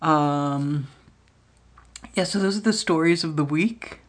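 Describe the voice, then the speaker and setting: A woman's voice: low voice, slow. A woman hosting a podcast who tells stories in a rambling, casual way, laughing often and swearing freely. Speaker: podcast host. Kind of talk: casual storytelling monologue.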